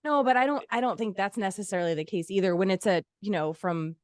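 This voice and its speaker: A woman talks in casual podcast chat, blunt and foul-mouthed. She acts out angry exchanges in quick bursts. Her voice sits close and dry on the mic. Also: medium pitch, darkish tone, no echo. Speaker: podcast guest.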